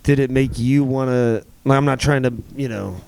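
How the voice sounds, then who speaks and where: A man's voice: mid-range voice, moderate pace, gravelly, a little mellow, a little hiss or hum. A young man co-hosting a podcast, talking casually and at length, full of "like" fillers and swearing. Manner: rambling, heavy on "like", swears. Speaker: podcast co-host, rapper. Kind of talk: casual chat.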